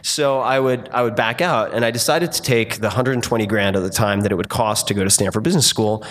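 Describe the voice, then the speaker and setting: A man as the guest of an onstage fireside chat before a live audience, telling animated stories full of asides and restarts. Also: on the low side, fast talker.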